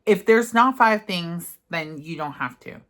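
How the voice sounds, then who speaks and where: A woman leading a guided affirmation session, reading gently and then talking casually with fillers. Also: on the low side, expressive. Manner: gentle and unhurried, slipping into casual fillers when speaking freely. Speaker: self-help guide. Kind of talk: guided affirmation session, partly read aloud.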